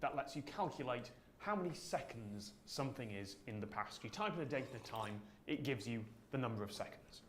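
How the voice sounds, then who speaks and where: A man's voice: medium pitch, lively intonation, a little fast, hardly any pauses, fairly bright tone, slight background noise. A man presenting a scripted explainer in a wry, storytelling manner. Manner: wry, storytelling, self-deprecating.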